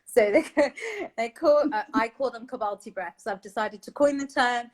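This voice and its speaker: A woman's voice: fairly high pitch, normal speed. Encouraging woman coaching breathing. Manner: encouraging, instructive, laughs often. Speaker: vocal coach. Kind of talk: guided breathing exercise.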